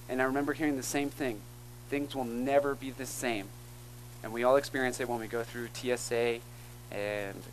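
With poor audio carrying a little hiss or hum, a man preaches as pastor in an earnest, emphatic style, calling out to the congregation between points. His voice sits at medium pitch.

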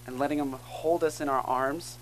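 A man delivering an earnest, emphatic sermon. His voice sits a bit high for a man, with a faint hum behind it. He checks in with his listeners as he builds each point. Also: fairly even intonation, moderate pace, poor audio. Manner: earnest, emphatic preaching with call-and-response asides. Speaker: pastor.

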